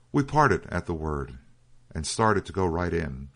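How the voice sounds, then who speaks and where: Deep-voiced man reading a story aloud. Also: big pitch swings, unhurried, vocal fry. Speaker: narrator. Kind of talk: scripted audiobook narration.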